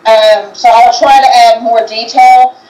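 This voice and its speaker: A woman with a somewhat high voice talks in a halting, hesitant way, often restarting her sentences. She sounds set back from the mic, and the room around her rings with echo. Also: steady tone, a little mellow, distant mic. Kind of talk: casual chat on a livestream. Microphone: video call.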